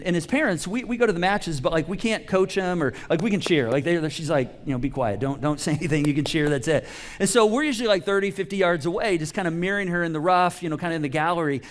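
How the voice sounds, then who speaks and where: A middle-aged male pastor with a fairly high voice gives a sermon. He tells stories in a relaxed, conversational way and often stops to restart a sentence. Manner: conversational storytelling with many restarts and fillers.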